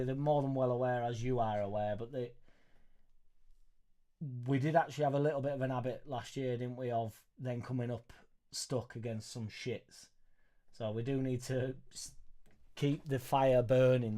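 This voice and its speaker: Fella doing a live footy reaction, mellow voice, excitable and sweary, lots of banter. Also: male voice, medium pitch, moderate pace. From Leeds, England. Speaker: football fan channel host. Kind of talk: live post-match reaction stream, reading viewer messages.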